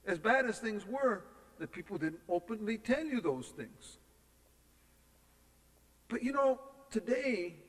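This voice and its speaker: Guy from california giving a talk, tells stories, tosses questions at the crowd, big echoey lecture hall. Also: high-pitched. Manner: storytelling, asks the crowd rhetorical questions. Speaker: guest speaker. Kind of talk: public lecture. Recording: long echo in a lecture hall.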